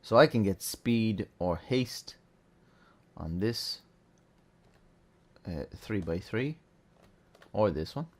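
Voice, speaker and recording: A man hosting a relaxed, chatty game tutorial, thinking aloud as he plays. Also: lowish voice, takes it slowly, pauses often. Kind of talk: casual gameplay tutorial.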